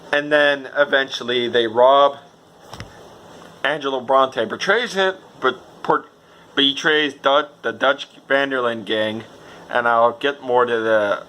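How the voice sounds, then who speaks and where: A man giving a casual, rambling video game review, excitable and swearing freely. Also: medium pitch, slight background noise, poor audio.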